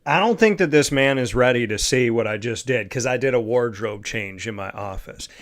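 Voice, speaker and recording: A man's voice: mid-range voice, expressive, normal speed. A man hosting a sports talk show in a playful, hyped-up, casual way, often laughing. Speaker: podcast host. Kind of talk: casual chat.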